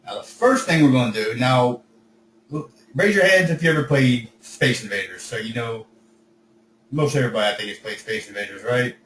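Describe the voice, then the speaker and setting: A man teaching an online coding class in a relaxed, chatty, jokey way, his voice starting to go hoarse. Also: mid-range voice, normal speed, echoey room, far from the mic, slight background noise, poor audio. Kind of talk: casual teaching over video call.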